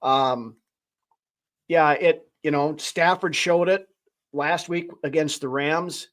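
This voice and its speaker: A man with a slightly higher voice hosts a casual sports talk show. He rambles and thinks aloud, picking his way through each point before landing on it. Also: fairly even intonation, slow pace, fairly bright tone. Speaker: podcast host.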